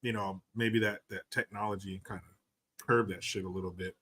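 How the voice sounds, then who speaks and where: A man's voice: sits low, steady tone, brisk, pushed and bright, slightly rough. A man hosting a casual podcast, talking bluntly and loosely with lots of swearing. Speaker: podcast host.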